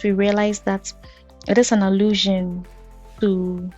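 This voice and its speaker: Woman walking students through a poem, slow and careful, muffled audio with soft music behind. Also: medium pitch. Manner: measured, explanatory, with fillers. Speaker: literature teacher. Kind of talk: exam-prep poetry lesson. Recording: dull lo-fi audio with faint music.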